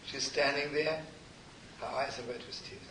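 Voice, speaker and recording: An older man, a rabbi, telling stories in a sermon with an intimate, repetitive manner, often sinking to a hushed near-whisper. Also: medium pitch, steady tone, normal speed. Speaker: rabbi and teacher. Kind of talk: storytelling sermon to a live gathering. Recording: roomy distant live recording with noise.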